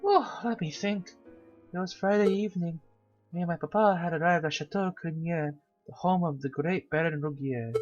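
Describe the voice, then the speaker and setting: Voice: medium pitch, moderate pace, a little mellow, pitched above the performer's own voice, close to an everyday voice. A cheerful, naive young cat lady tells her tale in a bouncy, sing-song way, voiced by a game player reading aloud. The recording is a little dull and lo-fi. Faint music plays underneath. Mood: chatty. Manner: bubbly, sing-song storytelling.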